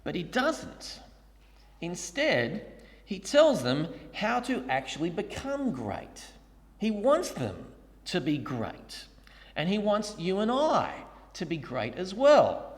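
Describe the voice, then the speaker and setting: Lively preacher man in a reverberant church. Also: high voice, slow pace. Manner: storytelling, acts out voices in quotes. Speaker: pastor. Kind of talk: sermon.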